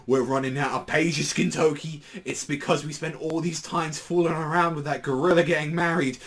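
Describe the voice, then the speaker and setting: A man's voice: on the high side, steady tone, moderate pace, fairly bright tone, pitched above the performer's own voice. A man playing a panicking male samurai comrade from a comic. The voice sits a bit above the performer's own and runs urgent and pleading. It stays close to his everyday tone. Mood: panicked.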